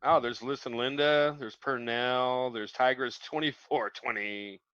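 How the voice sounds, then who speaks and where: A man's voice: medium pitch, steady tone, measured pace, fairly bright tone, smooth, no room sound, dull audio. An older man chatting as a guest on a livestream, rambling and easygoing. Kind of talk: casual livestream banter.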